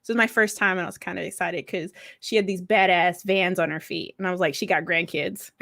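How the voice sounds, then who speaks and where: A woman's voice: lowish voice, fast, creaky, fairly bright tone, no echo, clean studio sound. Blunt, profane woman telling stories. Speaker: veteran speaker at a mental health event. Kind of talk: candid storytelling.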